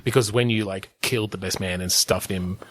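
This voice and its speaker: A man with a low, steady voice talks briskly and sounds a bit bright. He's co-hosting a podcast in casual chat, rambling with lots of fillers and restarts and laughing often.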